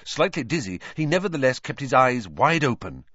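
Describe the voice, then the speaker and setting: Guy reading a storybook aloud, lively ups and downs, dull dry sound. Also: mid-range voice, brisk, dry recording. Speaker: audiobook reader. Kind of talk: storybook narration.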